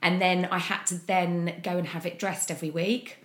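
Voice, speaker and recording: A woman speaking as an interview guest, frank and open in a candid personal account, often pausing on fillers. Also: lowish voice, level tone, a bit bright. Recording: echoey room.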